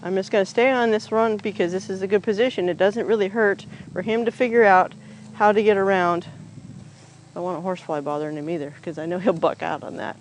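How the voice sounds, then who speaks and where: Working a horse outdoors, a trainer casually explains each step of the groundwork aloud to a camera set up nearby on the ground. The medium-pitched voice is steady and quick, and the low-quality recording carries a little hiss or hum.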